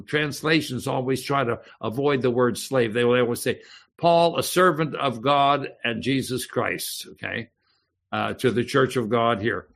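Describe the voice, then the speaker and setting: A man preaching a sermon, teaching slowly and deliberately and often checking in with his listeners. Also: mid-range voice, vocal fry. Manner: slow, deliberate teaching with frequent "okay?" check-ins. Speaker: pastor.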